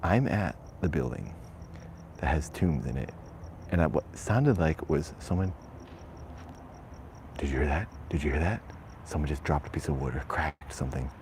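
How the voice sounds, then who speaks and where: Jittery, very low-voiced man whispering. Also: animated, moderate pace, long pauses, darkish tone, a little hiss or hum. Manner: jittery, half-whispering, rambling. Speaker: vlogger. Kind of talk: nervous live-streamed night walk. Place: cemetery outdoors at night. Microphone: shirt lapel mic.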